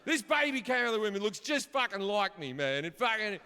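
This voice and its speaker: A man's voice: high-pitched, big pitch swings, fairly quick, sharp tone, smooth. A middle-aged man performing a stand-up set, telling stories in a brash, profane way. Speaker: stand-up comedian. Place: comedy stage before a live audience. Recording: live hall reverb, audience noise.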